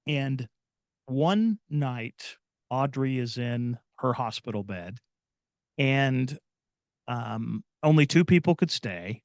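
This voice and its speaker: A middle-aged man from Indiana telling a personal story as a podcast guest, earnest and halting, often restarting his sentences. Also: mid-range voice, expressive, dry recording. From Indiana, USA. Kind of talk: personal storytelling in casual chat.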